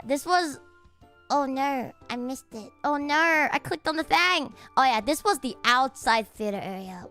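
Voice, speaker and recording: On her livestream, this woman talks in a slightly high voice, cursing without restraint. The casual chat is excitable and full of frequent laughter.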